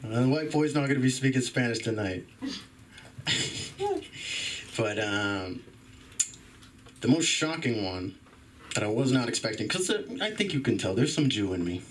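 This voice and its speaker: A young man doing a profane stand-up set at a comedy club open mic, acting out loud voices as he tells stories. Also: mid-range voice, normal speed, pauses often, recorded from a distance, slight background noise. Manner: animated, swearing storyteller, jumps into loud voices.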